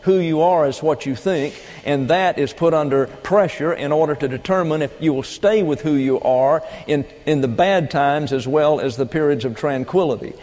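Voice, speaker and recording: A man teaching a Bible class in a measured, lecturing sermon style, often pausing with fillers and restarts. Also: a little high, a little mellow. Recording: long hall reverb.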